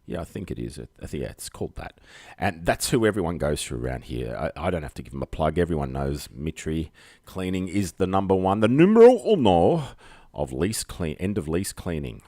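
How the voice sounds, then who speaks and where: Australian male streamer at a home desk mic, low voice, lively pitch, dry sound, chatty and meandering. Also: a little fast, no room sound. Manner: jokey, self-mocking, wandering monologue with many fillers. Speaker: live-stream host. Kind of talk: rambling solo livestream chat. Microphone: desk microphone.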